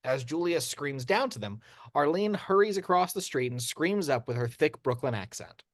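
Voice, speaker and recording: A man narrating screenplay action lines in an amateur audio drama, steady but with occasional stumbles and restarts. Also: fairly high pitch, normal speed, dry recording, clean studio sound.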